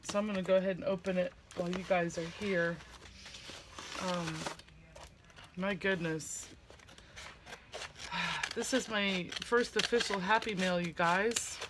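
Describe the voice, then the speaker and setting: A middle-aged woman chatting casually to camera at home in a craft vlog, with many fillers, low-key from a sinus headache. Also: steady tone, measured pace, long pauses, noisy background. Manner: chatty, many fillers, gasps and squeals of delight. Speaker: craft vlogger.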